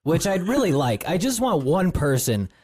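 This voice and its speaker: A man's voice: fairly high pitch, sing-song, moderate pace, darkish tone, slightly rough. A man co-hosting a podcast, commenting on a video with crude, sarcastic jokes. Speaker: podcast co-host. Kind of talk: profane casual commentary.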